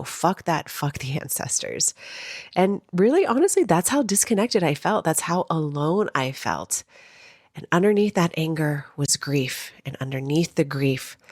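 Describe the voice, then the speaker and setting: A podcast host with a low-pitched voice tells her own story in a candid, unfiltered way, swearing freely. The recording is dry and close, with no room sound. She is a woman speaking from raw personal experience. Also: no echo. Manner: candid, profane, emotionally raw.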